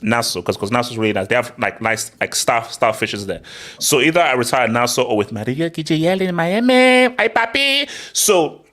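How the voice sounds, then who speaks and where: A man hosting a casual football chat, excitable and repeating himself as he argues. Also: medium pitch, normal speed. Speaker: show host.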